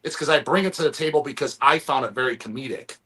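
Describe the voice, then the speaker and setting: A man's voice: medium pitch, quick pace, sharp tone, breathy edge. A man hosting a casual live-stream chat, rambling and profane, often stumbling over restarts. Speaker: stream host.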